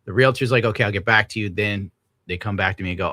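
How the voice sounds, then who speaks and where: A young man rants to his chat in a loose, profane, animated way, laughing often as he reads donations. His voice is bright and forward. The sound is close and dry, with no room around it. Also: fairly low pitch, quick pace, no echo. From United States. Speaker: streamer reading donations. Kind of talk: casual rant to chat.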